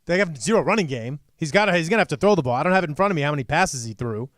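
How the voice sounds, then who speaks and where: A man's voice: fairly high pitch, lively intonation, racing, fairly bright tone, dry recording, studio quality. A man co-hosting a sports podcast in casual chat, blunt and sarcastic, often mimicking fans.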